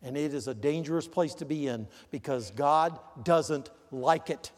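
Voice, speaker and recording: An older man preaching a sermon as pastor, emphatic, with loud stressed words and quiet low asides. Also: measured pace, in a large hall. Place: church sanctuary.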